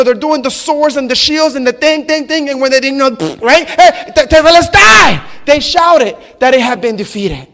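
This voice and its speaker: Male pastor in his 40s with a very high voice, emphatic sermon delivery, calls out questions to the church and builds to shouting. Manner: emphatic, quizzes the congregation, rises to shouts. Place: church service.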